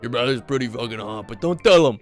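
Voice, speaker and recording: A man voicing a crude, brash teenage boy who swears and talks fast. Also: mid-range voice, animated, faint music behind, natural voice.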